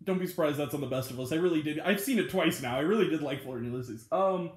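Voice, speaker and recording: A man's voice: on the high side, quick pace. A man hosting his own channel, giving a casual spoken movie review, rambling and chatty with lots of filler words and little laughs. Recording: roomy echo.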